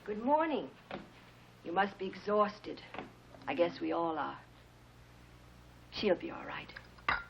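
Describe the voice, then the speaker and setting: An actress playing a gentle woman soothing and reassuring a frightened girl. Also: mid-range voice, sing-song, normal speed, slight background noise. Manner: soft, reassuring. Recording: dull old TV soundtrack.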